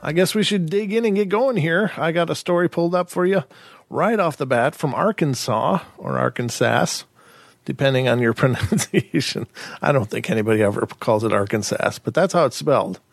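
A man's voice: on the high side, animated, fairly quick, no room sound. Chatty, joking male podcast host. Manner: rambling, joking asides with chuckles and fillers. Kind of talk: casual podcast chat. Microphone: microphone.

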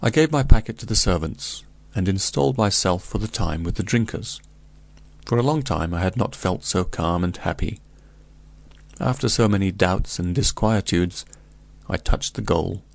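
A man reading a classic tale in the first person, measured and grave. His voice sits very low with a gravelly, creaky texture throughout. The delivery is steady and deliberate. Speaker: audiobook narrator. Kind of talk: first-person storybook narration.

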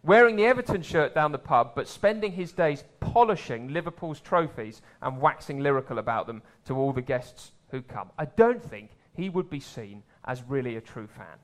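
A man preaching a sermon in a conversational way, swelling louder for emphasis and dropping low for asides. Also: expressive, normal speed, few pauses.

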